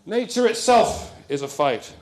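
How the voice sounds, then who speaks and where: A man delivers a comic lecture in a conference hall, jokey and prone to rambling asides. His pitch leaps and dips all over the place. The room adds a noticeable echo. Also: animated, a little slow. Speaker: comedian giving a conference talk.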